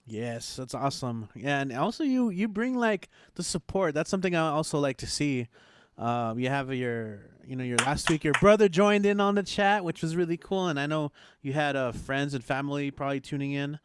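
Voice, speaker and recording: Clear-voiced man hosting a video open mic. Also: fairly high pitch, normal speed, no echo, clean studio sound. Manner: relaxed, hesitant, friendly shout-outs. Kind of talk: casual livestream hosting. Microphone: video call.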